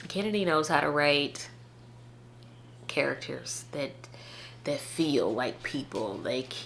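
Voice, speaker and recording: Low-voiced, unhurried woman chatting about books. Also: bright, forceful tone, slight background noise. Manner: chatty, full of "like" and "you know"; earnest, heartfelt enthusiasm. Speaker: book reviewer. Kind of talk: casual book review chat.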